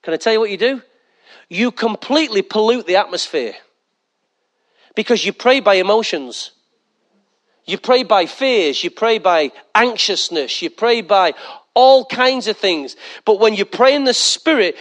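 A man preaching a sermon as pastor, animated, asking the congregation questions and acting out little asides. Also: sits high, moderate pace.

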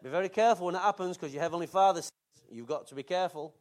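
A man's voice: high-pitched, very fast. An older man, preaching a sermon in a chatty, joking way with asides to the congregation. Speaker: pastor.

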